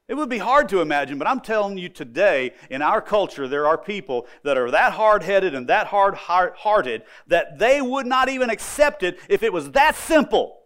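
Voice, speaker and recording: A man preaching a sermon as pastor, telling the story dramatically and swinging between loud emphasis and quiet asides. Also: sits high.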